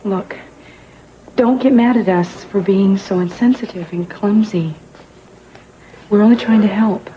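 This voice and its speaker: A woman playing a gentle, apologetic relative. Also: mid-range voice, a little slow, pauses often, slight background noise, close to an everyday voice. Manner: soft, apologetic. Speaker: actor in a TV soap opera. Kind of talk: 1980s TV soap acting. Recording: dull TV soundtrack with music.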